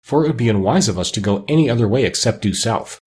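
A man's voice: mid-range voice, lively intonation, fast, slightly rough. A man voicing a kind-hearted, earnest young girl in a storybook reading. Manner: earnest and gentle.

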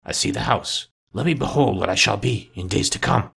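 Man doing a grave old miser, hushed, husky low audiobook voice. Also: fairly quick, heavily acted. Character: old miserly man facing his fate. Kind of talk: audiobook reading.

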